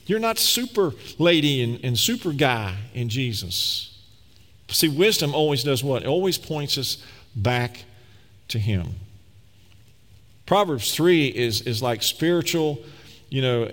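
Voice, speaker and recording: A man with a mid-range, fairly bright voice preaches a sermon as a pastor in a reverberant hall. He talks conversationally yet emphatically, acting out little quoted voices.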